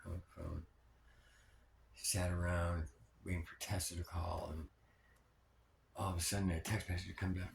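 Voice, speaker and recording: Brief: low, gravelly man, personal diary vlog, rambling and hushed at times, roomy echo with background noise. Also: flat delivery, measured pace, pauses often. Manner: rambling, many fillers, drops to a near whisper at times; swears when upset. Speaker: vlogger. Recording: echoey room with background noise.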